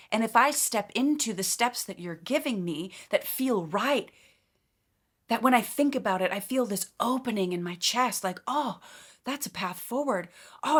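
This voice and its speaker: A woman's voice: a little high, fairly bright tone. A woman giving a casual, enthusiastic spiritual update, talking emphatically with fillers and light laughs.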